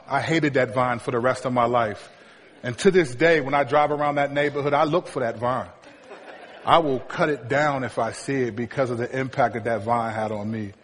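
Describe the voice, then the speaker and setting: A man's voice: medium pitch, slightly rough, in a large hall. A man preaching a sermon as a pastor, telling a story and joking with the congregation. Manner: storytelling, humorous asides to the congregation.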